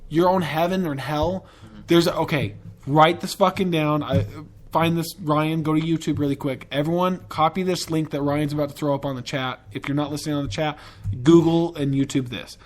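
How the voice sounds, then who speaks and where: A man's voice: fairly high pitch, fairly even intonation, moderate pace. A man hosting a podcast in a casual, rambling and profane way, with enthusiastic tangents. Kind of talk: casual chat.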